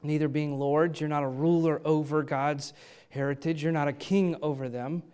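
A man with a high voice preaches a sermon from the pulpit. He reads scripture aloud and stresses key words with emphasis. He poses questions and then answers them himself. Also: fairly even intonation, moderate pace, a little mellow, clean tone. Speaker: pastor.

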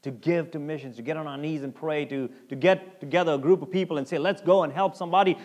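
A man preaching a sermon, reading scripture slowly and shifting between loud, emphatic lines and hushed, quiet ones. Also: high voice. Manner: reads scripture slowly and deliberately. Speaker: pastor.

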